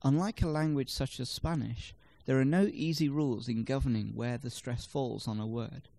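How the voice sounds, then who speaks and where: Reading a scripted language lesson, a man uses example sentences to show word stress, keeping his narration measured and explanatory. His voice is medium in pitch, gravelly and warm.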